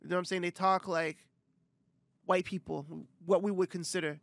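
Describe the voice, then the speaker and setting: Gravelly young man arguing a point. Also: sits high, fairly even intonation, moderate pace, dry recording. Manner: reasoned arguing, frequent affirming murmurs. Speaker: podcast co-host. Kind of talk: casual podcast chat.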